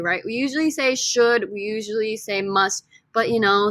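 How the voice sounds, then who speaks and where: A woman's voice: a little high, normal speed, hardly any pauses, sharp tone, dry recording. A woman teaching a Spanish vocabulary lesson with repeat-after-me drills, playful and upbeat, joking with her students.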